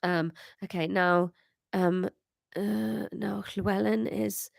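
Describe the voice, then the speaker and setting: A woman's voice: mid-range voice, steady tone, takes it slowly, creaky, no echo. A woman hosting a podcast, chatting and reading an improvised comic story, self-mocking and full of restarts.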